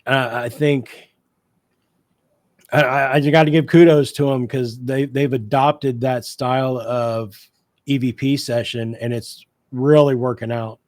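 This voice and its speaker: A man's voice: medium pitch, steady tone, measured pace, darkish tone, no echo. Guy chatting on talk radio, upbeat, lots of ums and uhs, dry close sound. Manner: upbeat, rambling, filler-heavy. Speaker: paranormal investigator and show regular. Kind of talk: casual chat.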